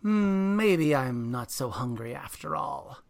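A hungry cat who doubts everything, wry and dry, as a host reads him aloud. The delivery is slow and a little gravelly. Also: medium pitch, lively intonation, a little mellow.

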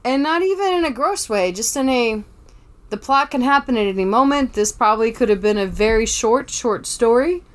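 A chatty young woman talks into her podcast mic at home, slightly high-pitched and full of asides and laughter. She speaks casually, going off on tangents about her cat while chatting about movies. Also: expressive, normal speed. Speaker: podcast co-host. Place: bedroom at home. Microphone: podcast microphone.

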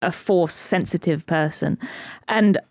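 A woman's voice: on the low side, takes it slowly, a little mellow, dry recording. Giggly chatty woman, dry sound. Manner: chatty, giggly, many fillers and restarts. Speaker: podcast co-host. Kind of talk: casual chat.

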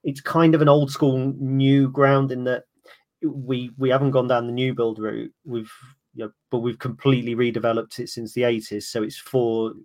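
A man's voice: medium pitch, flat delivery, normal speed, a little mellow. A man talking as a guest on a casual podcast, chatty and full of restarts. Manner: chatty, many restarts, laughs easily. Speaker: podcast guest, fan of the opposing club.

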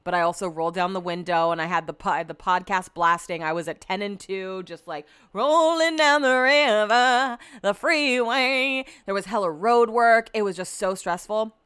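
A young adult woman hosting a podcast, telling a story in a casual, animated way with frequent swearing. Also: lowish voice, fairly quick, few pauses, clear, resonant tone, no echo. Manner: animated, with swearing and quoted asides. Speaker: podcast host.

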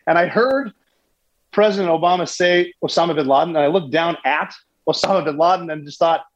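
A man telling a story in a conversational way, animated, with restarts and sports analogies. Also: on the high side, fairly quick, muffled recording. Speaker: guest recounting a military raid.

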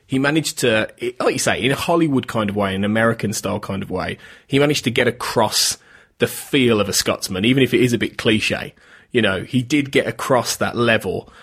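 Husky man in casual podcast chat. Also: fairly low pitch, brisk, fairly bright tone. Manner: chatty, stumbling restarts. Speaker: podcast co-host. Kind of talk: casual discussion.

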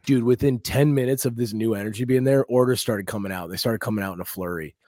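Husky man telling comic stories. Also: medium pitch, fast, no echo, studio quality. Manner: animated storytelling, acts out quotes in raised voices. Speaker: podcast co-host. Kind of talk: casual comedy podcast chat.

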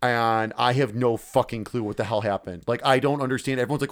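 A man's voice: mid-range voice, steady tone, fairly quick. A man co-hosting a casual podcast who rambles and swears freely. He acts out his own reactions as he goes. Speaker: podcast co-host. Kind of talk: casual chat.

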